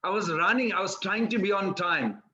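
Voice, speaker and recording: A man's voice: high voice, moderate pace, sharp tone, dull audio. A man voicing a young cowherd boy who is flustered and full of excuses, in a temple storytelling talk. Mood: apologetic.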